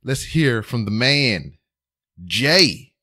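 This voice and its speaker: A man's voice: mid-range voice, expressive, extremely slow, sharp tone, no echo, clean studio sound. A man hosting his own podcast from home, rambling in a playful, casual way with joking asides. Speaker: podcast host. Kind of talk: casual solo podcast monologue.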